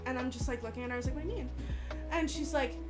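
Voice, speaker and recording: A woman's voice: high voice, very fast, music in the background. A woman in her thirties, a podcast guest chatting casually and retelling family stories with lots of laughter. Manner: laughing storyteller, animated retelling. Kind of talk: casual chat.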